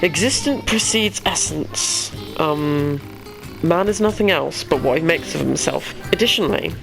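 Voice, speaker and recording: A man's voice: a little high, expressive, unhurried, vocal fry, over music, low-quality recording. A man voicing a long-winded male robot philosopher who lectures in a lofty tone. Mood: pompous.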